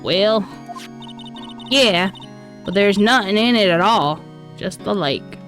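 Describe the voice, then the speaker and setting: A woman's voice: mid-range voice, expressive, slow, a bit bright, faint music behind. A woman voicing a friendly southern woman photographer with a put-on Southern drawl, reading a game aloud. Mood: folksy. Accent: put-on American Southern. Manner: folksy drawl, self-admittedly shaky.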